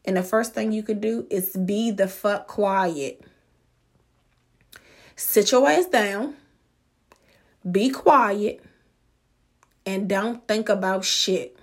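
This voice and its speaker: A woman hosting a podcast, giving a blunt, profane motivational monologue with emphatic, drawn-out words. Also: mid-range voice. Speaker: podcast host.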